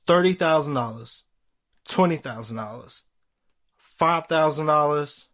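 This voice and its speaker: A young man hosting a podcast, telling a story in a casual, profane, animated way. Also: medium pitch. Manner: animated, profane, retells quotes with voice jumps. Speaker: podcast host.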